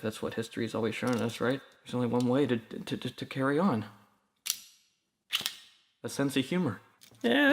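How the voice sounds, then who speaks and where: A man's voice: medium pitch, a little hiss or hum. A young man delivering a sarcastic, mock-instructional comedy monologue as host of his own video. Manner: sarcastic, mock-instructional, shifts into silly voices. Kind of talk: satirical scripted monologue.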